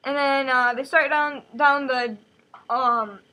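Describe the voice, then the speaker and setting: A woman's voice: high voice, steady tone, slow, sharp tone, low-quality recording. A woman casually retelling a book chapter in a chatty, joking way full of fillers.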